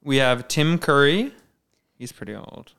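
A young man co-hosting a podcast in casual chat, playful and quick to laugh, with jokey asides. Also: mid-range voice, animated, a bit bright, clear, resonant tone. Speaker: podcast co-host.

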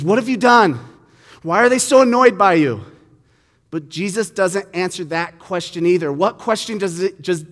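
A man's voice: mid-range voice, in a large hall. A man giving a casual sermon on a Bible passage. He keeps asking his listeners questions and acts out the quoted lines. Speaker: preacher.

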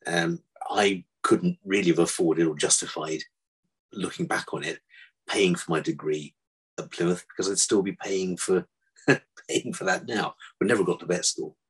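An older man, a vet, telling stories from his past in a relaxed interview, with dry self-deprecating humour. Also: sits low, normal speed, husky. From England. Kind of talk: casual interview chat.

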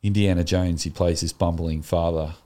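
A man co-hosting a relaxed podcast conversation. His voice sits very low and sounds mellow and warm, and he talks with eager enthusiasm. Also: moderate pace. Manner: enthusiastic, animated storytelling. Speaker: podcast co-host. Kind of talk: casual chat.

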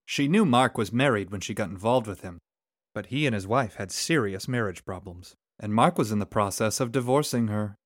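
A man reads a story from his home with a lively, expressive voice that rises and falls a great deal across each sentence. His voice sits in an ordinary middle register, recorded dry and close with no room sound. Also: on the low side, moderate pace, no echo. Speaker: story reader and podcast engineer. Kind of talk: scripted narration.

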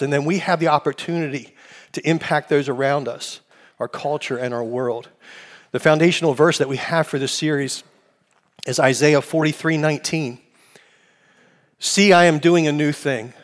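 Male pastor, slightly high voice, sermon delivery with call-and-response, long hall reverb. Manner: preaching with call-and-response questions.

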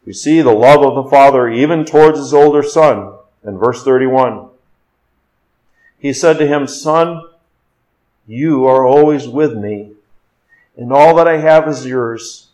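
A male pastor delivering an expository sermon, rising and quickening when he quotes scripture and dropping low and slow for emphasis. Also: darkish tone, poor audio.

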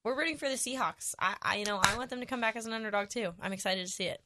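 A woman's voice: fairly high pitch, very fast, very noisy. A woman hosting a radio show, chatting casually in an upbeat way and laughing easily. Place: radio studio.

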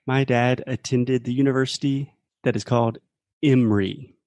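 A man's voice: medium pitch, flat delivery, normal speed, darkish tone, no echo. A man, co-hosting a casual podcast chat and patiently explaining English pronunciation. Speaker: co-host teaching English.

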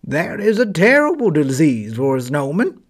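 A man doing a hoarse barking yard dog. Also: fairly high pitch, huge pitch swings, moderate pace. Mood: knowing.

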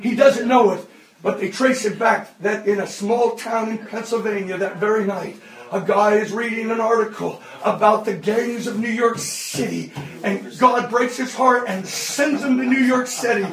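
A man in his fifties preaching a sermon, impassioned and often shouting. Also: sits high, normal speed. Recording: echoey hall, distant mic.

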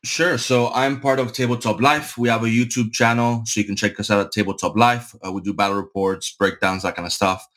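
A man joining a podcast as a guest, talking in a relaxed, easygoing way with some fillers. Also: lowish voice. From United States. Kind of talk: casual podcast chat.

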